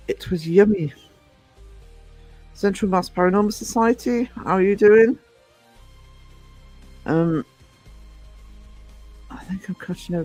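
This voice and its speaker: A man's voice: high voice, a little slow, pauses often, a little mellow, breathy edge, faint music behind. Chatty man hosting a livestream. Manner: rambling, chatty, self-interrupting. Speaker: livestream host. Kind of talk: casual livestream chat, greeting viewers.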